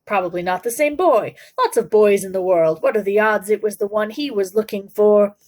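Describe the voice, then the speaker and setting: A woman's voice: medium pitch, moderate pace, a little mellow, close to an everyday voice. A woman voicing a greedy, sour old male shopkeeper who mutters and grumbles. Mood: wheedling.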